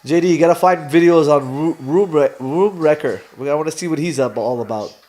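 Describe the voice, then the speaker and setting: A man's voice: fairly high pitch, brisk, darkish tone. Chatty laid-back young Canadian man. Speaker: fighter hosting a live watch party. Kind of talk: casual live-stream chat reading comments.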